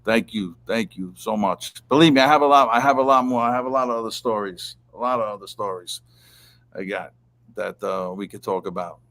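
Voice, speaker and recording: A man's voice: fairly low pitch, brisk, fairly bright tone. A man telling stories in casual talk, profane and rambling, with many restarts. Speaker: guest storyteller. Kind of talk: casual chat.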